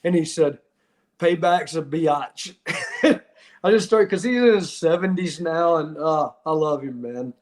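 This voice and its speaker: A man's voice: a little high, normal speed. A man in his fifties, a podcast host and former wrestler, telling stories in casual chat with frequent laughs. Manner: animated storyteller, laughs often.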